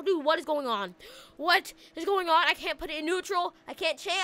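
A woman hosting a gaming channel, chatting casually and excitably through a roleplay, stammering and slangy when alarmed. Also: very high-pitched, brisk, dry recording. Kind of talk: casual roleplay commentary over gameplay.

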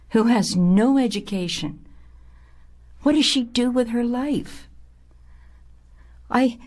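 An older woman telling her own life story with feeling, now and then dropping to a whisper for weight. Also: mid-range voice. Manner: emotional, dramatic, drops to a hushed whisper. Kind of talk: personal life story told to an audience.

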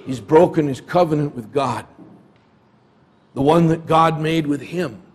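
A man's voice: a little high, measured pace. A man preaching a sermon in a church, retelling a story dramatically. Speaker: pastor.

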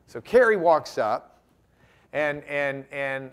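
A man giving a guest lecture to a class, telling a courtroom story dramatically and building to loud bursts. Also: mid-range voice, animated, slow pace, clear, resonant tone. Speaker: guest lecturer, trial lawyer.

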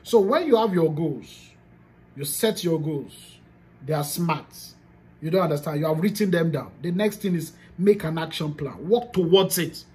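In a deep, mellow voice, a Nigerian woman coaches her team through a motivational teaching talk at a moderate pace, animated throughout. As a business coach, she speaks with emphasis, repeats key phrases to drive them home, and occasionally uses pidgin.

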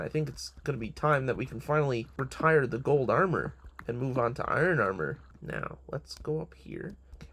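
A man's voice: mid-range voice, vocal fry, a little hiss or hum. A young man giving casual, profane, joking commentary on his own game, talking to himself as he plays. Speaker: gamer.

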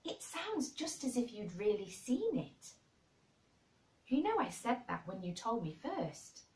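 A woman voicing a frail, excitable boy who gasps and cries out eagerly. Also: slow. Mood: enraptured. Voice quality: high, breathless, gasping. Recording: roomy and distant.

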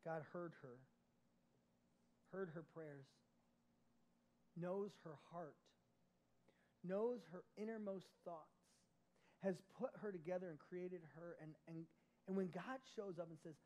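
A man preaching a sermon as lead pastor, animated, moving between loud emphasis and soft, close passages. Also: sits high, measured pace, long pauses, poor audio. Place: church.

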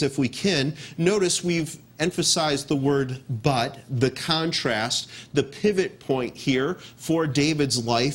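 A pastor with a mid-range voice preaches an expository, verse-by-verse sermon. He repeats key phrases with emphasis and drops to a hush to drive a point home.

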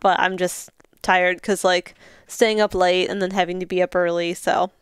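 A woman's voice: fairly low pitch, normal speed, smooth, dry recording, studio quality. A tired, yawning woman co-hosting a game stream, casually reading viewer comments aloud. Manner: relaxed, reads chat aloud. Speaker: stream co-host.

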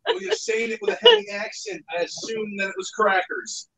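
A man's voice: extremely high pitch, sing-song, a little fast, gravelly, bright, forceful tone, low-quality recording. A man off camera, teasing the host in a playful way.

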